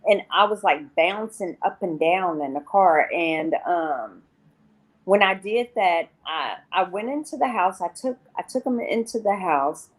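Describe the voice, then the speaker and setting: A woman's voice: fairly low pitch, animated, measured pace. A woman guest on an interview show, telling her personal recovery story in a candid, rambling way and often quoting herself.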